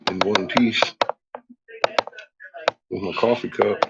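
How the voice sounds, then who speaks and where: A man's voice: lowish voice, steady tone, slow. Man, casual home vlogger, profane rambling, muffled lo-fi sound, constant background noise. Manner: loose, profane, talks to himself and his pets. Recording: dull lo-fi home recording with clear background noise.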